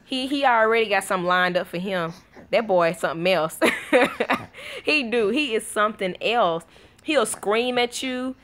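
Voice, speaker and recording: A woman's voice: on the high side, sing-song, a little slow, fairly bright tone. A young woman, telling family stories casually to her viewers, laughing often and acting out her kids' lines. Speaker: family vlogger.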